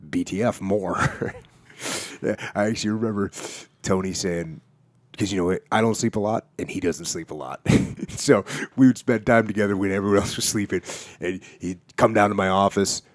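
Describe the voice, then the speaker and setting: Deep-voiced man, slow and deliberate. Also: no room sound. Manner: slow, deliberate and emphatic, with dry humor. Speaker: podcast host. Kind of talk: casual conversation.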